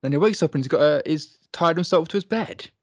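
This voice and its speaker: A man's voice: on the high side, fairly quick, a little mellow, dry recording. A British man co-hosting a casual chat, easygoing and agreeable, laughing along with his partner. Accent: British English. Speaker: podcast co-host.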